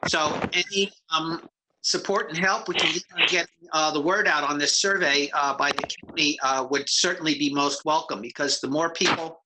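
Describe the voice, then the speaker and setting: Guy giving a research update, halting with lots of uhs, really bright voice. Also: fairly high pitch, fairly even intonation, rough recording. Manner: halting, many fillers. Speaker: public health researcher. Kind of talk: briefing a meeting.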